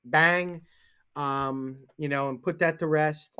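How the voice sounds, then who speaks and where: Animated high-voiced sports show host. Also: male voice, slow, a little hiss or hum. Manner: animated storyteller who acts out the people he quotes. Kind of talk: casual sports talk.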